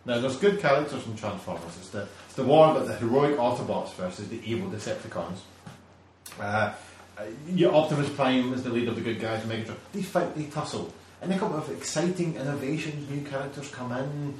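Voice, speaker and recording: A man's voice: medium pitch, a little fast, a little mellow, slight background noise. A man hosting a podcast, ranting animatedly and swearing a lot in casual chat. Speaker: podcast host. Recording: echoey room, distant mic.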